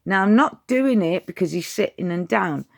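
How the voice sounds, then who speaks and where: A woman's voice: medium pitch, expressive, moderate pace, gravelly. A woman, giving dog training advice in a chatty, direct vlog style. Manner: chatty, direct, addresses viewers as "you lot".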